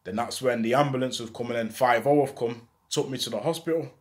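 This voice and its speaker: A man telling a true story from his own life in casual, slang-heavy street talk, with an animated delivery. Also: mid-range voice, quick pace.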